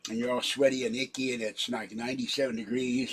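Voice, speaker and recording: A man's voice: mid-range voice, little pitch movement, quick pace, fairly bright tone, breathy edge. An older man rambling in a casual livestream from his home computer, wandering between stories with a self-mocking manner. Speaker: livestream host.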